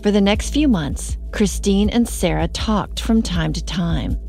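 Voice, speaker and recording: Woman, podcast host, scripted true-crime narration, measured, serious, mid-pitched, soft music underneath. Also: creaky.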